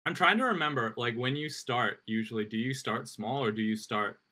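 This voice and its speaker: A man's voice: mid-range voice, fairly quick, sharp tone, slight background noise. A man co-hosting a casual podcast chat about tabletop games, rambling with many fillers and frequent laughs. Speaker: podcast co-host.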